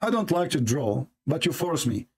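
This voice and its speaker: A man hosting a religious debate show, speaking in a sarcastic, mocking way and reading texts aloud slowly. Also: very animated, a little mellow, slightly rough. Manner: sarcastic, reads texts aloud slowly, mimics opponents in a high voice.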